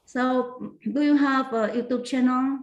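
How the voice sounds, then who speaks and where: Woman, higher pitch, soft and careful. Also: a little slow, dull audio. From Vietnam. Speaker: viewer asking a question.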